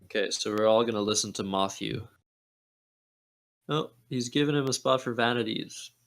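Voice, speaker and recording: A man's voice: on the low side, moderate pace, gravelly, fairly bright tone. A man giving live commentary on a board game match, joking and sarcastic. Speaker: Scrabble commentator.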